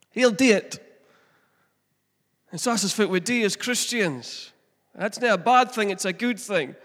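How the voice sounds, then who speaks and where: A man's voice: high voice, fairly bright tone, in a large hall. A middle-aged man, preaching a chatty sermon that asks the congregation questions and mixes in family stories. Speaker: pastor. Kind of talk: conversational sermon.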